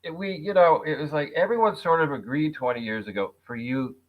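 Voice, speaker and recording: A man's voice: fairly high pitch, a little fast. A man guesting on a talk show, speaking casually and wryly with a sarcastic edge. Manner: wry, sarcastic, laughs at his own jokes. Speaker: guest, actor and writer. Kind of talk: casual conversation. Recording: dull lo-fi sound.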